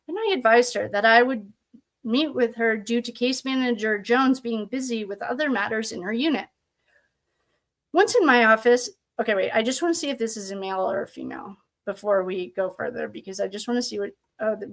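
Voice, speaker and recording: A woman's voice: on the high side, fairly quick, fairly bright tone. A woman reading prison records aloud in casual commentary, breaking off often for sarcastic asides. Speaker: true crime commentator.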